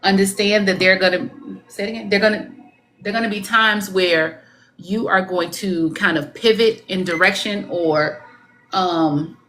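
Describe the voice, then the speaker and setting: Halting psychic medium woman on a live stream. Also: medium pitch, a bit bright. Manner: halting, searching for words, coaxing; relays messages with swoops up into quoted speech. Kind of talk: live-stream spirit reading.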